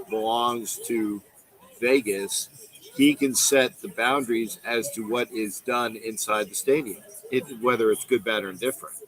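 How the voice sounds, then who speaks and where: A man's voice: fairly low pitch, fairly bright tone, poor audio. A middle-aged man hosting a casual livestream, rambling and repeating himself as he reads viewer comments and reacts to them. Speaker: host of a fan call-in livestream. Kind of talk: casual live-stream fan talk.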